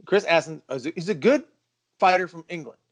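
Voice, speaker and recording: A middle-aged man co-hosting a martial arts podcast, telling stories in an animated, boastful way. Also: on the high side, brisk. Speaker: podcast co-host. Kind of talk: casual chat.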